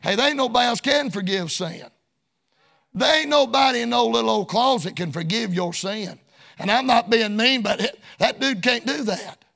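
A male preacher delivering a sermon in a sing-song cadence, often shouting, with folksy colloquial phrasing. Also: extremely high pitch, normal speed, creaky.

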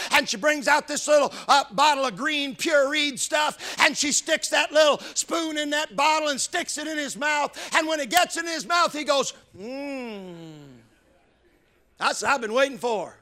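A man preaching a sermon, swinging between loud shouted emphasis and hushed, low passages.

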